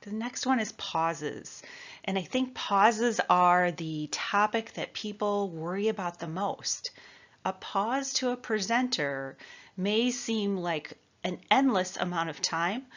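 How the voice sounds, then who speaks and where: A woman from the American Midwest giving an instructional talk on presentation skills, with a clear, measured coaching delivery. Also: medium pitch, a bit bright, dull audio.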